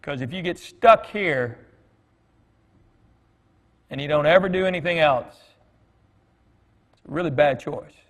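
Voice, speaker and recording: A man's voice: fairly high pitch, a little slow, pauses often. Folksy man preaching in a reverberant hall. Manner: folksy storytelling, quoting others in dialogue. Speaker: guest speaker at church. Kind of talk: conversational sermon with anecdotes. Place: church hall.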